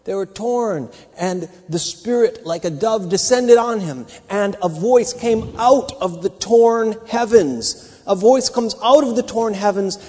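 Husky high-voiced man giving a sermon. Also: unhurried, mellow. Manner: storytelling, dramatic emphasis; rambling with restarts. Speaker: teacher. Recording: hall reverb.

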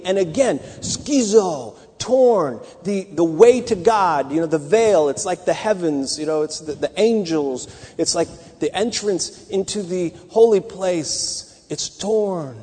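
A man's voice: high-pitched, expressive, slow pace, darkish tone, husky. A man teaching a sermon, telling the story with dramatic emphasis and many restarts. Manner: rambling with restarts. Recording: hall reverb.

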